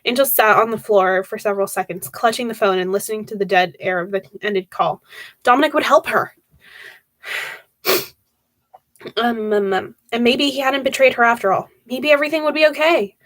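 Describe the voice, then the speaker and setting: Woman reading a spooky book on stream, kinda high voice, dry close sound. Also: normal speed, no echo. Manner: expressive, occasional stumbles and restarts.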